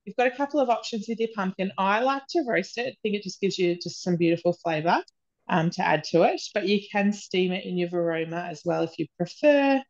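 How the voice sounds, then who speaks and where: A woman presenting an online cooking demo, explaining steps in a relaxed way. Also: medium pitch, a little fast. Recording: dull lo-fi sound.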